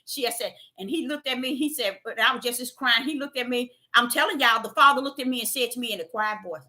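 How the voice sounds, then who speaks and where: A woman's voice: a little high, fast talker, hardly any pauses, pushed and bright. A woman preaching a spontaneous sermon, fervent and exhorting. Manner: fervent, exhorting, retells visions in dialogue.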